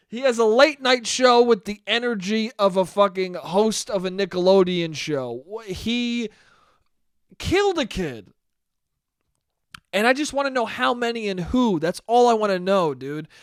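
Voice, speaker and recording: A slightly high-voiced young man from New York rambles through a solo comedy podcast, heard close and dry with no room sound. He talks with profanity, swings from loud outbursts to low mumbled asides, and breaks into high laughs. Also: animated, a little slow, smooth, dry recording. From New York (Westchester). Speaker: podcast host.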